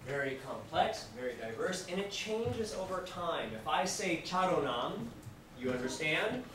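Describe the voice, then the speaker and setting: Male lecturer, somewhat high voice, animated and repetitive, teaching language learners; recorded far off in a very echoey classroom with noise. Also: normal speed. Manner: animated, acts out examples and asks the class questions; speaks simply and repeats phrases for language learners. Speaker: university lecturer. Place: classroom with students.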